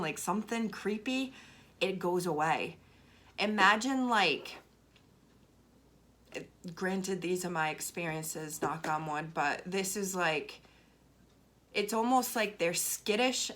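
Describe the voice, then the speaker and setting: A woman's voice: fairly low pitch, fairly bright tone. A young woman with a Boston accent, a tarot reader telling a personal story in a candid, rambling way, swearing freely and saying "like" often. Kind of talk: casual storytelling vlog.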